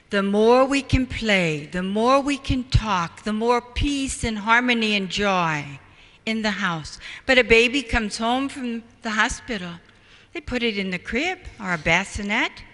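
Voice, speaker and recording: A man speaks slowly and deliberately in a bright, clear voice, telling stories to an audience and acting out the people in them. He is heard from far off in a large hall with a long, roomy echo and faint noise behind. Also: extremely high pitch. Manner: animated storytelling, acts out quotes. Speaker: parenting speaker. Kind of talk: public talk.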